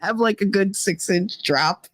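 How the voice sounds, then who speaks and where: A woman's voice: medium pitch, unhurried, no echo, poor audio. Chatty storytelling woman, dry close sound. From Northeast Pennsylvania, US. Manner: chatty storyteller, many fillers, mimics voices in quotes. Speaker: livestream host reading chat. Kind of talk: casual chat.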